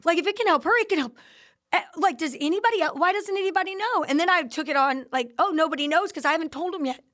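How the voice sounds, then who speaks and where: High-voiced woman telling a story. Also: fast. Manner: animated, acts out quoted dialogue. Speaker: host sharing her company's founding story. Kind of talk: casual storytelling interview.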